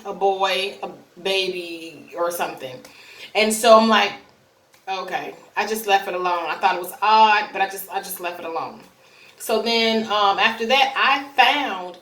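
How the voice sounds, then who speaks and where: A woman's voice: mid-range voice, fairly bright tone. A woman telling a personal story about her child in a chatty, rambling way, with many fillers and restarts. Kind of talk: casual storytelling to camera. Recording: roomy echo, from a distance.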